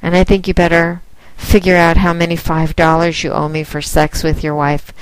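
A woman's voice: on the low side, level tone, normal speed, smooth, dry recording, low-quality recording. A woman speaking as a dominant mistress, with a teasing, commanding manner in a casual monologue aimed at one listener. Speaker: phone domination mistress promoting her line.

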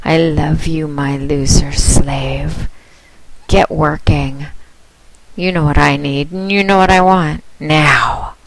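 Low, slow, commanding woman. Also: fairly even intonation, vocal fry, rough recording. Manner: commanding, taunting. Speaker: dominatrix. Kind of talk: taunting monologue to a listener.

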